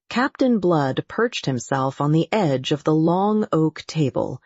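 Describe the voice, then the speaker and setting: An audiobook narrator reading a classic adventure novel in an even, formal storytelling manner. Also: mid-range voice, unhurried, few pauses, no room sound. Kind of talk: scripted narration. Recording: dull lo-fi dry audio.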